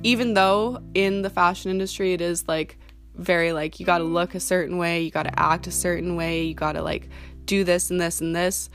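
A young woman talks casually about modeling work, rambling and chatty with plenty of ums and likes. Her voice sits low with a gravelly rasp. Soft guitar music plays faintly underneath. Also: steady tone, moderate pace. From Canada. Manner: chatty, full of fillers like "um" and "like". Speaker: model giving career advice. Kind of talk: casual talking-to-camera advice.

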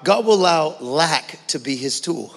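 A man preaching a sermon as pastor, passionate, swinging between hushed talk and shouting. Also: a little high, expressive, unhurried, big-room sound. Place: church.

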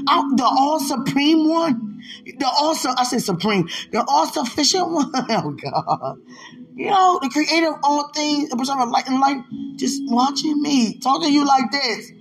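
A woman speaking in a casual, heartfelt monologue. She talks playfully and with affection, teases and laughs often, and swings between soft asides and loud bursts. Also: sits high, big pitch swings, moderate pace, poor audio. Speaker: vlogger addressing a loved one.

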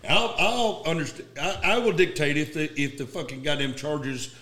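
Male ex-Marine storyteller, profane and animated, a touch high-voiced, recorded in a roomy space. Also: moderate pace. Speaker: former Marine gunnery sergeant. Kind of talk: casual storytelling chat.

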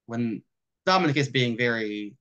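A man co-hosting a casual podcast, retelling film scenes in a loose, animated way, full of "like" and casual swearing. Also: medium pitch, normal speed, clean tone, dull audio. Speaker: podcast co-host. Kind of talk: casual film discussion chat.

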